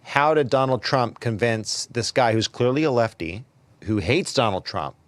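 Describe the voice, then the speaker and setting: Male podcast host, mid pitch, opinionated and stammery, dry booth sound. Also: animated, moderate pace, dry recording. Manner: opinionated, stammers into repeated words. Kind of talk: casual opinion commentary.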